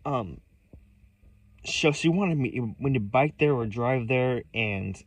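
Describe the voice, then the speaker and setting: A man's voice: medium pitch, animated, slow pace, highs cut off. Guy ranting about a story, cursing a lot, keeps restarting his sentences, average voice. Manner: agitated, profane, rambling with many restarts. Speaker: vlogger. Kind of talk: casual storytime monologue.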